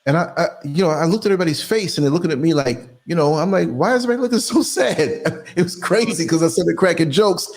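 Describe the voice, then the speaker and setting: A middle-aged man from New York City hosting a podcast, telling stories in a casual, animated way and acting out the people he quotes. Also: a little high, fast, few pauses. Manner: animated storyteller, acts out quoted voices. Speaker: podcast host. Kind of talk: casual conversation.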